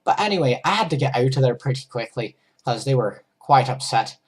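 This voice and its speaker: Husky rambling doodle-story narrator. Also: male voice, mid-range voice, animated, a little fast. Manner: rambling, goofy, self-interrupting while drawing. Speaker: storyteller and drawer.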